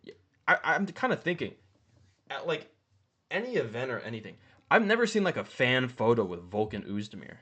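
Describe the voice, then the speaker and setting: A man talks in a loose, rambling way and swears freely. His voice sits at an ordinary middle pitch but jumps up sharply when he stresses a point. He sounds like someone giving casual commentary to an online audience. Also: very animated, moderate pace, pauses often, bright, forceful tone. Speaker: mma commentary host. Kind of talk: casual profane ranking commentary.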